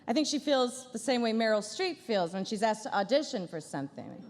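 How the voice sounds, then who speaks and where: Woman comic doing a roast, high and bouncy voice, deadpan sarcasm, big echoey ballroom. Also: fairly quick, noisy background. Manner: deadpan sarcastic delivery with playful asides. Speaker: comedian headlining a gala dinner. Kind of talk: stand-up roast. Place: large banquet hall.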